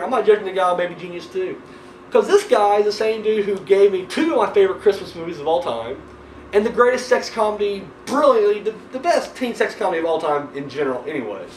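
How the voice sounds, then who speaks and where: A young man reviewing horror movies in a rambling, excitable, profane way, swearing constantly. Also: high-pitched, slight background noise. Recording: echoey room, mic at a distance.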